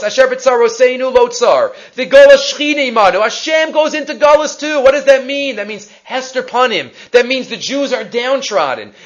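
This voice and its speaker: A man giving a weekly Torah lesson, animated, rising to near shouts and dropping to quiet emphasis. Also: very high-pitched. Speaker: Torah teacher. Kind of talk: weekly Torah portion lecture. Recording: dull lo-fi recording.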